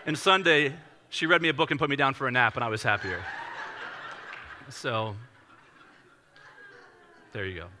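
A man's voice: medium pitch, moderate pace, pauses often, bright, forceful tone, slight background noise. A man in his thirties, a pastor preaching a sermon to a congregation in a conversational, self-deprecating storytelling manner.

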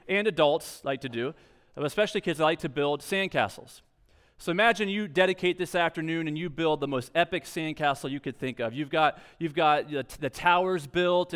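A man's voice: fairly high pitch, a bit bright, smooth. A young adult man, a pastor, preaching a sermon in a conversational, storytelling way with light self-deprecating humor.

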